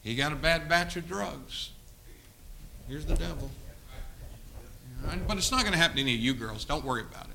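A man preaching a sermon, telling a story in low, quiet tones and then rising to loud, urgent appeals to his listeners. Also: lively intonation, fairly quick, vocal fry, pauses often, poor audio. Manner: swings from hushed storytelling to loud exhortation.

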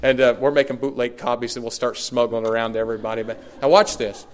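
A man, a pastor preaching a sermon and telling a story with lively, emphatic repetition. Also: medium pitch, quick pace.

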